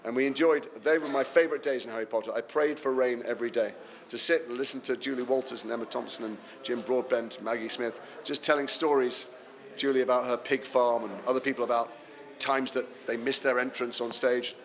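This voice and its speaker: English male actor at a convention Q&A, animated anecdotal storyteller with dry self-deprecating humour, mid-pitched natural voice. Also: brisk. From England. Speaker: actor answering fan questions. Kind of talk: convention panel Q&A.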